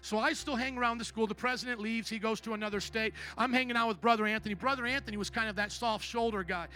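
A male pastor preaching a sermon as a personal testimony, his storytelling swinging from hushed to loud. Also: high-pitched, steady tone, quick pace, soft background music.

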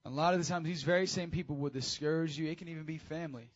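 A man preaching a casual, high-energy sermon to teenagers as youth pastor, with call-and-response. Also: steady tone, fast talker, dull audio.

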